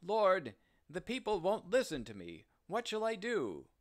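A man voicing Noah as a kind, anxious old farmer, speaking high and urgently. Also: very animated, unhurried, fairly bright tone, full character voice. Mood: pleading.

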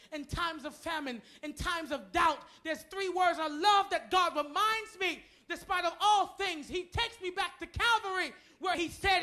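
Man, preacher, shouting, repeated declarations, sharp bright voice, faint music behind. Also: very high-pitched. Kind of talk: impassioned sermon. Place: church.

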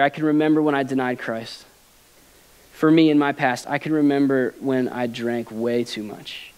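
A man's voice: medium pitch, a little mellow. A man, a pastor, preaching an earnest, emotional sermon in a church and reading scripture aloud with rising intensity. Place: church sanctuary.

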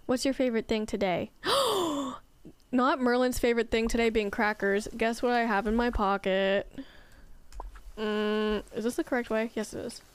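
Giggly high-voiced woman streamer. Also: steady tone, moderate pace, clean tone. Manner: giggly, chatty, reads out and answers chat. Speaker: livestreamer. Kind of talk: casual gameplay chat with viewers.

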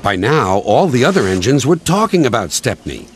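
Brief: expressive male narrator of a children's train story, wildly lively intonation. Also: medium pitch, normal speed, background noise.

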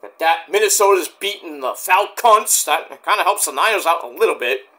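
Bright lively-voiced man reviewing wrestling. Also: on the high side, a little fast. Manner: rambling, profane, jokey. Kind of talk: casual review monologue.

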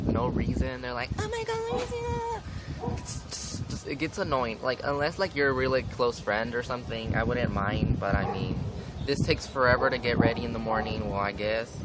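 A young man ranting casually to camera for a vlog, swearing often and filling with "like". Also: medium pitch. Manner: frequent swearing, ranting, many fillers. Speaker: vlogger. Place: outdoors, windy. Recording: wind and traffic noise outdoors.

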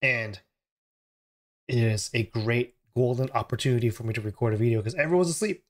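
A man hosting a reaction channel in a casual chat, hoarse as he recovers from an illness, talking at home while the household sleeps, rambling and correcting himself as he goes. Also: medium pitch, brisk. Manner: rambling and self-correcting, apologetic.

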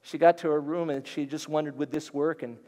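A middle-aged man, a guest pastor, preaching an animated storytelling sermon in a church. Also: on the high side, fairly quick. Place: church sanctuary. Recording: long hall reverb.

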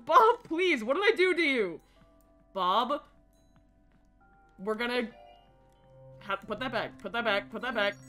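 A woman streaming a game from her basement, chatty and excitable, with game music behind her. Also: sits high. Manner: excitable, chatty, bursts into shrieks and laughter. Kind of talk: casual gameplay streaming. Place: home basement.

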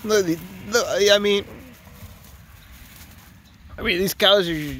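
A man's voice: high voice, slow pace, fairly bright tone. A drunk man with a Wisconsin accent, rambling and swearing as he talks to cows outdoors while filming them himself. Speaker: vlogger. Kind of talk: rambling outdoor chat to animals. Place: outdoors by a cow pasture. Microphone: handheld camera he films with.

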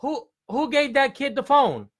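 A man's voice: extremely high pitch, expressive, unhurried. A man hosting a comedic call-in show, slangy, repeating his lines and stumbling over fillers. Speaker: show host.

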